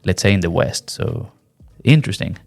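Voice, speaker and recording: A man's voice: low-pitched, normal speed, creaky. Guy, english teacher hosting a podcast, chatty, acts out little quotes. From Venezuela. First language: Spanish. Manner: animated, acts out quoted lines in different voices. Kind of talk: casual chat.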